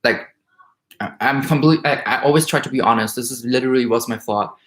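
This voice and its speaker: A man doing a weekly tarot reading, reading card meanings aloud and growing emotional and excited as he goes. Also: medium pitch, brisk. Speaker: tarot reader. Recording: roomy echo.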